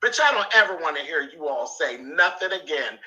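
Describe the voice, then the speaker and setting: A man's voice: fairly high pitch, lively intonation, sharp tone, muffled recording. A man ranting on a livestream, taunting and cursing as he draws out each insult. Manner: taunting, profane, drawn-out insults. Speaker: YouTuber in a played clip. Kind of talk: livestream rant.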